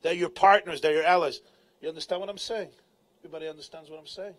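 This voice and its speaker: A man, a rabbi, telling a story at a live event, animated, acting out voices, laughing often and dropping Hebrew and Yiddish terms. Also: fairly high pitch, quick pace. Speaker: rabbi and speaker. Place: event tent.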